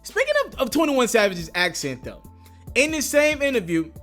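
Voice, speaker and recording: Animated, slangy male hip-hop commentator. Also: very high voice, normal speed, soft background music. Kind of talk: casual commentary vlog.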